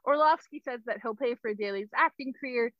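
A young woman recaps a story in a casual, playful way, with a high voice. The recording is dull and lo-fi. It sounds dry and close. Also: no room sound. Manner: playful, acts out characters in quick asides and laughs. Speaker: co-host giving a plot synopsis. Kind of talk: casual chat.

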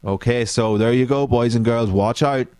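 A man's voice: mid-range voice, normal speed, darkish tone, no echo. A man hosting a comedy podcast, reading out social media posts and mocking them with sarcastic, profane asides. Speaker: podcast host.

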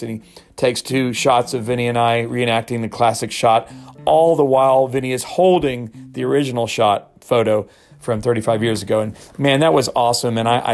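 A man's voice: medium pitch, a little mellow. A middle-aged man hosting a show, telling a story casually and acting out quotes in raised voices. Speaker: podcast host.

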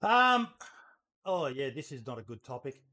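A man's voice: mid-range voice, very animated, moderate pace, sharp tone. A man hosting a casual livestream podcast, talking bluntly and swearing freely. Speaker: podcast host.

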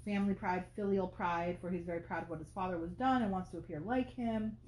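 A woman's voice: lowish voice, fast, a little mellow, roomy sound. A woman hosting a podcast, talking through a classic novel in casual commentary, thinking aloud with many fillers. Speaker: podcast host.

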